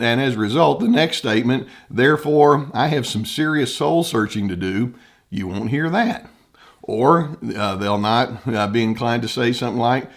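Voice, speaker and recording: Therapist guy talking to viewers, a bit of vocal fry, average pitch, keeps restarting his sentences. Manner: thoughtful, with frequent restarts and quoted example statements. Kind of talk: unscripted teaching talk to camera.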